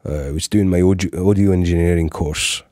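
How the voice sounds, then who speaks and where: Low mellow-voiced man chatting casually. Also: fairly even intonation, brisk, no echo, clean studio sound. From Cyprus. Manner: chatty, laughs easily, slips into accent impressions. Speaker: voiceover artist and sound editor. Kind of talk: casual conversation.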